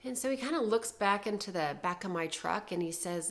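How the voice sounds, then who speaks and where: A woman vlogger telling a personal story in an animated, dramatic way, swinging between loud bursts and hushed asides. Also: mid-range voice, brisk.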